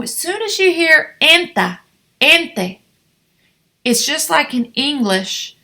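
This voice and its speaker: A woman teaching Spanish numbers in a lesson, drilling the class with slow, encouraging repetition. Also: a little high, sharp tone.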